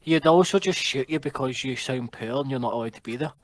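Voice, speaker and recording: A man's voice: medium pitch, a little fast, a little hiss or hum. A Scottish man in casual livestream chat, making self-mocking jokes. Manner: self-mocking, joking banter. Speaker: podcast co-host.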